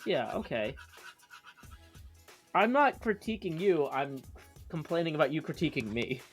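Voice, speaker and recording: A man's voice: fairly high pitch, very animated, unhurried, soft background music. Easygoing man chatting on a stream. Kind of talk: casual chat on a live stream.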